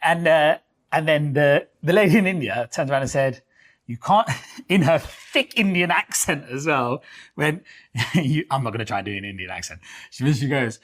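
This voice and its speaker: A man's voice: on the high side, moderate pace. A man, co-hosting and telling a story in casual chat, with lots of fillers and swearing. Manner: animated, swears freely, many fillers. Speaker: podcast co-host.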